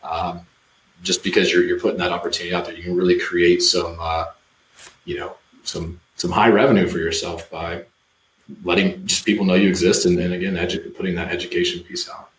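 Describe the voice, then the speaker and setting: A man with a fairly low voice talks through business advice in a relaxed podcast conversation. He is animated and often slips into quoted customer voices. The room gives his voice a noticeable echo. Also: brisk, slight background noise. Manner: energetic, acts out customer quotes. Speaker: podcast guest, marketing company representative.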